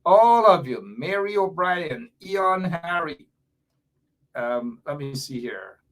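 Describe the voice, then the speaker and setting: A man hosting a live political talk show, chatty and animated with laughing asides. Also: a little high, slow. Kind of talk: casual live-show chat.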